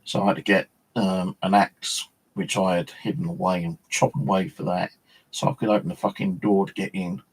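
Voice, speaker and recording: A man's voice: sits low, flat delivery, moderate pace, slightly rough, rough recording. A middle-aged man telling a rambling, foul-mouthed story in casual chat, full of fillers. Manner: rambling, swears a lot, many fillers.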